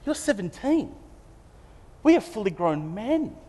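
A man's voice: fast, mellow, close to an everyday voice. A man doing scornful older brothers. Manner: low, sarcastic, dismissive. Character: resentful grown older brothers mocking. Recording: long hall reverb.

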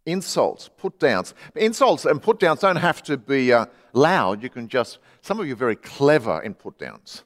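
Middle-aged male pastor, conversational sermon, mid pitch, church hall reverb. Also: very animated, normal speed, hardly any pauses. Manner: conversational, swings from loud to hushed.

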